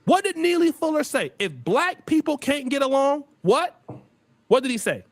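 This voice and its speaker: A man's voice: sing-song, moderate pace. A man hosting a heated livestream, preachy and confrontational. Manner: preachy, confrontational, swings pitch widely. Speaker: livestream host.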